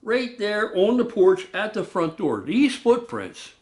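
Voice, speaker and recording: A man casually recounting a true ghost story, animated, acting out loud booms and swearing now and then. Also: slow pace. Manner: animated, loud booming sound effects, swears.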